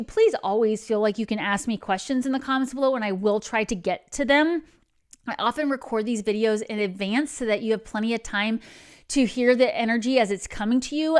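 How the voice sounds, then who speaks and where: Earnest, slightly high-voiced spiritual host. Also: female voice. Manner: earnest, meandering, digressive. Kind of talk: spiritual advice monologue.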